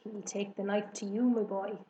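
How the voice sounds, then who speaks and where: A woman voicing a gluttonous, bloated male rat with a husky, hoarse voice. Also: medium pitch, flat delivery, normal speed, mellow, echoey room, a little hiss or hum, natural voice, rough recording. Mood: sneering.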